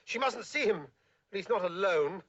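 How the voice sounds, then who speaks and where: A man's voice: high-pitched, animated, normal speed, fairly bright tone, exaggerated voice. An actor playing a pompous, sarcastic male school headmaster in a 1960 British film comedy. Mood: sardonic. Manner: blustering and sarcastic. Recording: dull old film soundtrack.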